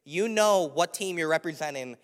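A young male preacher with a notably high voice tells stories from the pulpit in a lively, conversational way. His words ring out with the long reverb of a large church hall. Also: moderate pace. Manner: animated, chatty storytelling with frequent laughs. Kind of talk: sermon with personal story. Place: church sanctuary.

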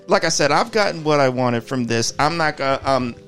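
A man's voice: fairly high pitch, animated, brisk, a bit bright, faint music behind. A man co-hosting a podcast, teasing and provoking the others in casual banter. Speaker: podcast co-host.

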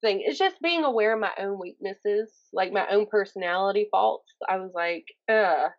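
Southern woman from mississippi, guest on a podcast, chatty and animated, slightly muffled sound. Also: medium pitch, normal speed. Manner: animated, self-mocking, acts out quoted voices. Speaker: guest, YouTuber. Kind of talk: casual podcast chat.

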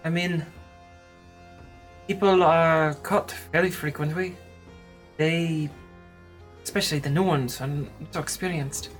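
A woman's voice: low voice, fairly even intonation, unhurried, long pauses, faint music behind. A woman acting as game master, explaining rules and narrating scenes with easy fillers.

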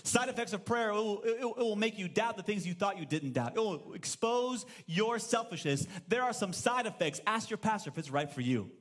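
A man's voice: high-pitched, animated, fairly quick, few pauses, a bit bright. A man in his thirties preaching a sermon as pastor at a church service, telling stories with playful acted-out voices and humor.

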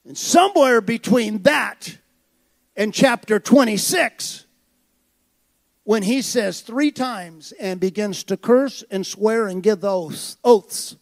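High, gravelly-voiced male preacher. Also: animated, slow pace. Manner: impassioned preaching that swells to shouts. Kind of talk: sermon.

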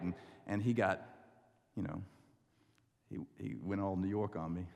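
Guy preaching, pulls out the bible verses slow, jokes on the side, long church echo. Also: low-pitched, steady tone, creaky, a little mellow. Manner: drawn-out scripture reading, wry asides. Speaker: pastor. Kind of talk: sermon with storytelling. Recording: long reverb of a large hall.

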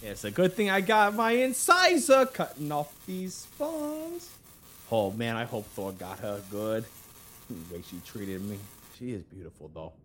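Guy doing a nervous young dude muttering to himself, lively jumpy pitch. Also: unhurried, slight background noise. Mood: flustered. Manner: rambling, stammering, talks to himself. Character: jittery young male ship thief-chaser, easily flustered. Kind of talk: audio drama acting.

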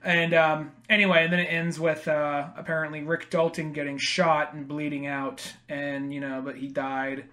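A man's voice: fairly high pitch, little pitch movement, normal speed, hardly any pauses, sharp tone. Man chatting casually about movies. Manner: rambling, acts out quotes, swears casually.

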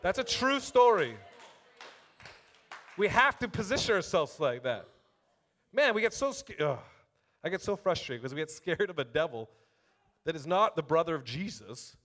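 A male preacher with a high voice who preaches in a loose, chatty way, calling out to the congregation. He breaks off to read scripture aloud, building up emphasis as he reads. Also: moderate pace, pauses often. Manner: animated, conversational, addresses congregation directly. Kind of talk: sermon.

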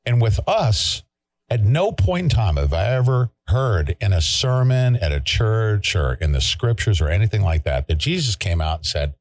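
A deep-voiced male host in the middle of a fired-up monologue. His pitch swings widely as he hammers points home, repeats himself and throws in mild swears. The sound is dry and close-miked. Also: big pitch swings, normal speed, a little mellow, no room sound. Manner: emphatic, preachy, repeats himself and swears mildly. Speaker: show host. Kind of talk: heated talk-show commentary.

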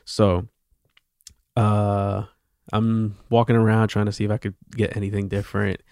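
Man, low gravelly voice, relaxed slangy storytelling, dry room. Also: normal speed, dry recording. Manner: relaxed, annoyed retelling with slang. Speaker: podcast co-host and event videographer. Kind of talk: casual storytelling chat.

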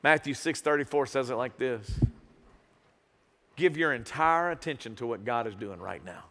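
A male pastor preaching a sermon to a live congregation. He swings between hushed and loud moments and calls out to the crowd. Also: medium pitch, animated, moderate pace, long reverb tail. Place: church sanctuary with a live congregation.

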